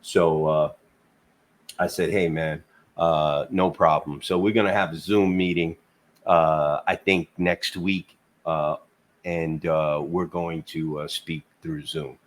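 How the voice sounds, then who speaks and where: A man's voice: a bass voice, flat delivery, takes it slowly. A man hosting a casual trucking talk show over a video call, blunt and teasing, with plenty of swearing and "uh" fillers. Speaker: podcast host. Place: Queens, New York.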